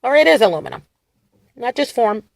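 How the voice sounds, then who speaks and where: A woman vlogger rambling to her viewers, animated and defiant, laughing and swinging between loud and soft. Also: a little high, a little fast, creaky, dry recording, clean studio sound. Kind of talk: rambling talk to camera.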